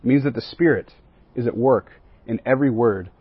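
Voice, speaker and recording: A man with a husky, breathy voice teaches a Bible lesson to a group, often checking in with "right?" along the way. The sound is dry and close, with no room echo, but a little dull and muffled. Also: medium pitch, fairly quick. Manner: keeps asking the group questions and checking in with "right?" and "okay?".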